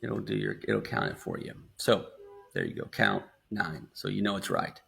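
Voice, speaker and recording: Speaking at a normal pace, this American instructor guides students through a screen-recorded software tutorial one step at a time in a relaxed way. His low, creaky voice is very animated.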